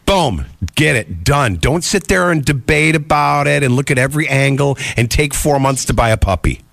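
A man's voice: medium pitch, lively intonation, moderate pace, gravelly, a bit bright, no room sound, clean studio sound. A man in casual chat giving blunt, opinionated advice.

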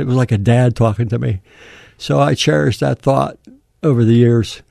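An older man speaks plainly and haltingly, with many fillers and restarts. His voice sits at an ordinary middle pitch. The sound is dry and close, with no room around it. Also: vocal fry, mellow, no echo. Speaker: guest. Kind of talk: personal testimony in casual talk.

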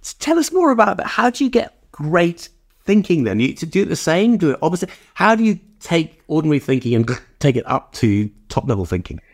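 A man's voice: fairly high pitch, sing-song, brisk. A man hosting an interview podcast, asking curious questions and laughing easily. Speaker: podcast host. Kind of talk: conversational interview.

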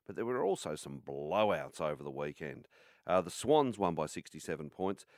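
Australian man, co-host, fairly low voice, dry studio sound, teasing. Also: sing-song, normal speed, darkish tone, no echo. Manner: wry, teasing. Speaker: breakfast radio co-host. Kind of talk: casual chat. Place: radio studio. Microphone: studio mic.

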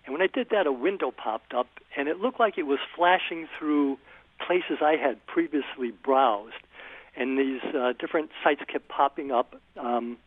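A man's voice: medium pitch, normal speed, no echo. Hesitant male caller on a phone line. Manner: hesitant, step-by-step, many fillers. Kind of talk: call-in phone question.

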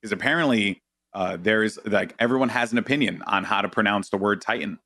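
A man with a New York accent chatting casually as a podcast guest, telling stories and jumping high when he quotes people. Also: brisk, no echo, studio quality. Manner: animated storyteller, jumps high when quoting people. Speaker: guest, esports and TV commentator.

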